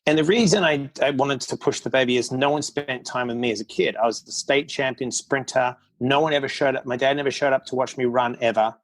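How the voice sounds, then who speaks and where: A middle-aged man speaking as a podcast guest, with a voice of ordinary pitch. He tells his story in a blunt, candid, unpolished way. He acts out other people's quoted words as he goes. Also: a little fast, few pauses. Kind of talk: casual storytelling interview.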